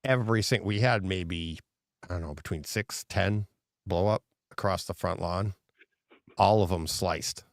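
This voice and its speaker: A man's voice: low-pitched, unhurried, gravelly, dry recording, studio quality. A middle-aged man co-hosting a podcast in casual chat, telling stories with lots of laughter and acted-out quotes. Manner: animated storyteller, laughs often, acts out quotes. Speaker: podcast co-host.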